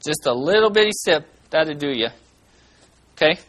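The audio is poor in this clip of a children's church teacher leading an animated Bible lesson. The teacher keeps asking the kids questions and breaks into loud, dramatic moments, talking at a moderate pace with a medium pitch.

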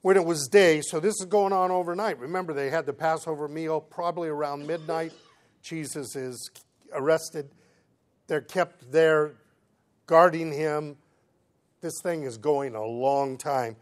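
A man preaching, reading scripture aloud and explaining it in plain conversational words, swinging between emphatic lines and quiet asides. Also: on the high side, a little slow. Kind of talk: Bible teaching sermon.

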